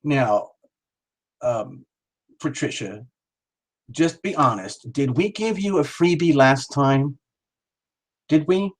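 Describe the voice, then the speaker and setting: A man's voice: mid-range voice, slow, long pauses. A middle-aged man hosting a live tarot stream, rambling and joking as he calls out viewers by name. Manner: jokey, rambling, talks straight to viewers by name.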